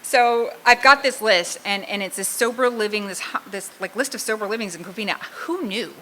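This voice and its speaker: A woman's voice: medium pitch, a little fast, a bit bright, a little hiss or hum, low-quality recording. A middle-aged woman from Southern California gives a candid, self-mocking personal testimony as a recovery meeting speaker and laughs often.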